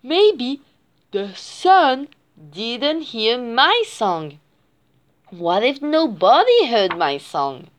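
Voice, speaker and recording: A woman voicing a gentle young female cat who sings high meows in a storybook. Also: big pitch swings, very slow, full character voice. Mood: hopeful.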